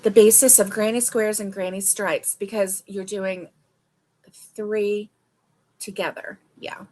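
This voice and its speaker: A woman's voice: mid-range voice, steady tone, slow, mellow. A woman hosting a casual crochet livestream, reading stitch descriptions aloud and reacting with delight.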